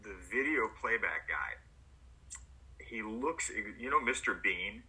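A man being interviewed as an actor, telling stories in an animated way and acting out what others said. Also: fairly low pitch, takes it slowly, rough recording. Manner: animated, acts out quotes. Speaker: actor guest. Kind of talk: storytelling in a podcast interview.

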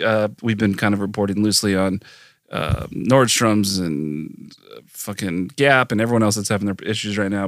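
An American man with a fairly low voice chats on a podcast. He is blunt and swears freely. The sound is dry and close. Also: fairly bright tone, dry recording. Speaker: podcast co-host. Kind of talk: casual chat.

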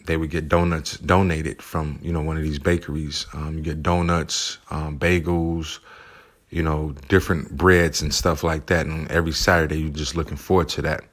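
Deep-voiced man telling a heartfelt story. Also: flat delivery, moderate pace, fairly bright tone. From United States. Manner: heartfelt, loose speech full of "you know" and "man". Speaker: single father sharing his life story. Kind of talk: personal storytelling.

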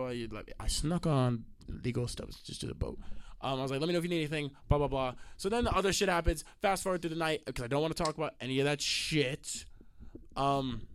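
A man with a slightly sick, raspy voice, casually telling a rambling, laughing, profane story on a studio podcast. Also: fairly high pitch, fairly bright tone. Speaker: podcast host.

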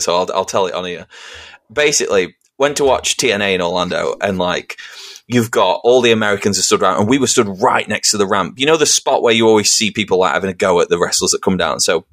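A man with an English accent, co-hosting a casual podcast chat and telling sweary stories with acted-out shouts. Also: fairly low pitch, quick pace. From England. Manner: sweary storytelling, acting out shouted quotes. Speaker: podcast co-host.

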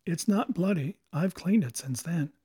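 A laid-back young bounty hunter with a teasing, easy way of talking, as a man voices him in an audiobook. His voice is a little husky and a bit high for a man, and the sound is close and dry. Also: expressive, unhurried, mellow, no room sound, exaggerated voice.

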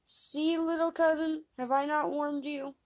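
A woman voicing a bold, fearless young man in a fairy tale reading, loud and brash, often pitched above her own voice. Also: steady tone, unhurried.

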